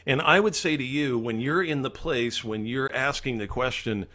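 A man's voice: mid-range voice, measured pace, pushed and bright. A man preaching a sermon as pastor, earnestly acting out the psalmist's pleas.

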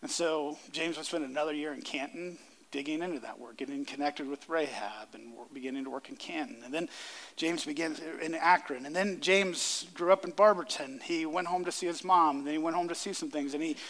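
Male pastor preaching, kinda high voice, earnest, keeps repeating lines for emphasis, big echoey church hall. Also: fairly quick, a bit bright. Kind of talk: sermon. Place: church sanctuary before a congregation. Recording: reverberant hall sound.

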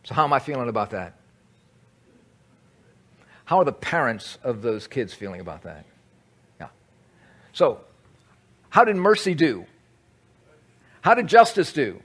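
Animated man preaching a sermon. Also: mid-range voice, measured pace, long pauses, husky. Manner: animated, conversational teaching with audience asides. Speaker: pastor.

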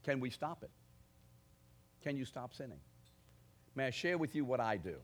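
Guy preaching a sermon, medium pitch, punches up his points, keeps asking the crowd questions. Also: sing-song, normal speed. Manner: emphatic, building to forceful declarations; addresses the congregation with direct questions. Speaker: pastor.

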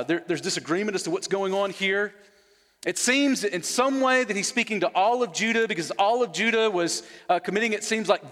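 A man's voice: high-pitched, a bit bright, big-room sound. A man preaching an expository sermon, earnest, repeating words for emphasis and putting questions to his listeners.

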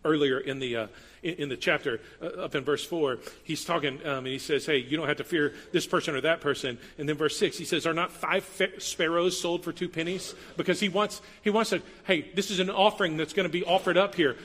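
A man preaching a sermon as pastor, animated, moving from loud emphatic passages to quiet asides. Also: a little high, fairly quick. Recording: long hall reverb.

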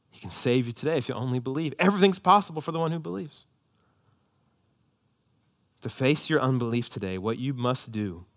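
A man preaching a sermon as pastor, impassioned and emphatic, rising to loud peaks. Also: medium pitch.

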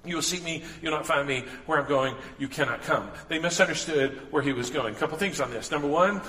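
A man's voice: a little high, fairly quick, bright, forceful tone. Man preaching in an echoey hall. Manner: conversational preaching with asides and restarts. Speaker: pastor. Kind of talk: sermon. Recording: echoey hall with long reverb.

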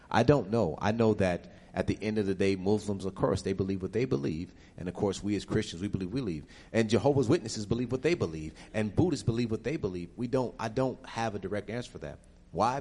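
A man's voice: lowish voice, slightly rough. Man telling an emotional testimony in a reverberant hall. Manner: emotional, animated storytelling. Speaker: guest giving a testimony. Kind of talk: personal testimony and Q&A.

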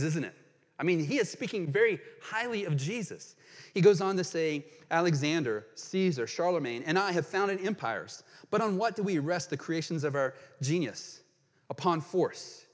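Pastor guy preaching, kinda high voice, earnest and emphatic, big echoey church hall. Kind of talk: sermon. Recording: long hall reverb.

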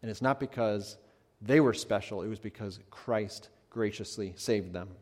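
A man, a pastor, preaching a sermon, swinging between emphatic lines and hushed ones. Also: fairly low pitch, moderate pace. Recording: long hall reverb.

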